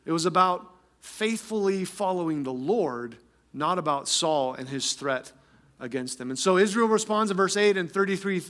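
A male pastor preaching a sermon in an energetic, emphatic way, often repeating phrases for stress. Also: high-pitched, moderate pace.

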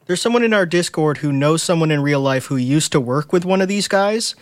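A man's voice: on the high side, lively intonation, brisk, no echo, clean studio sound. A man co-hosting a podcast, rambling with many fillers in casual chat. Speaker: podcast co-host.

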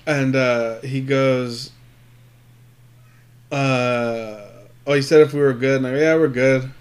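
A man's voice: mid-range voice, steady tone, takes it slowly. A man telling a rambling story in casual chat, swearing a lot and acting out what people said. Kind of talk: casual chat between friends.

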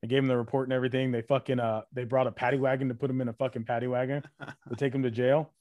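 A man recounts a rowdy story in a casual podcast chat, his speech full of fillers and curse words. His voice sits at an average pitch. The sound is close and dry, with no room around it. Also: little pitch movement, racing, a little mellow, no room sound. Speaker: podcast guest, former retail loss-prevention worker.

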